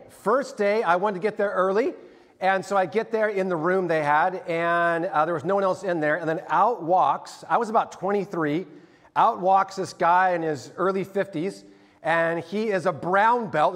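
A middle-aged man preaching from the pulpit in a high, light voice. He tells stories in a sermon style and grows animated when he acts out scenes. His voice rings with the long reverb of a large church hall. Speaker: pastor. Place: church sanctuary.

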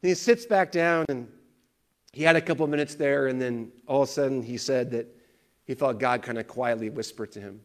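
A pastor preaches in a mid-range voice at a slightly fast clip. His sermon is full of animated stories, and he acts out the voices of the people in them.

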